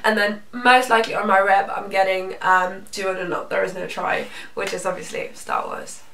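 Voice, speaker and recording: Norwegian girl gushing about fandoms, bright gravelly voice, echoey room kinda far from the mic. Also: medium pitch, moderate pace. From Norway. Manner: excitable fangirl chatter. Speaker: co-host reading fan questions. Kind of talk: casual Q&A chat.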